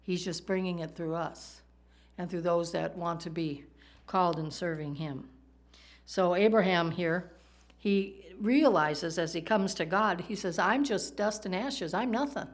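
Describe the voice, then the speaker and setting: Brief: woman preacher with a fairly low voice, teaching sermon with jokes. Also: fairly even intonation, a little slow. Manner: teaching, explains Hebrew words, tells jokes.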